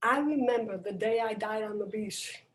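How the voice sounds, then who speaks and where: A middle-aged woman giving a personal motivational talk, emphatic and dramatic, with deliberate pauses, over a video call. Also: mid-range voice. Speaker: motivational speaker. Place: indoors, at home on a video call. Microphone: video call microphone. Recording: roomy echo.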